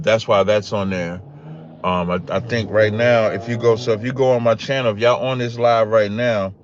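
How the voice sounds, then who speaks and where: Animated man hosting a livestream. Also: on the low side, highs cut off, a little hiss or hum. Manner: animated, rising emphatic outbursts, addresses viewers as y'all. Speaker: podcast host. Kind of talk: casual livestream talk to chat.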